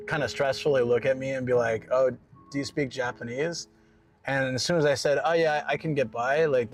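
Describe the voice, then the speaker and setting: A Scottish man live-streaming, chatting casually with his viewers in a rambling, filler-heavy way and laughing easily. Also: mid-range voice. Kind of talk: casual live-stream chat while driving.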